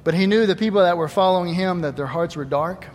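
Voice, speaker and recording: A man preaching a sermon, lively and animated, acting out quoted voices and swinging between loud emphasis and quiet asides. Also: sits high, fast, big-room sound. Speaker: pastor. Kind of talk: Easter sermon.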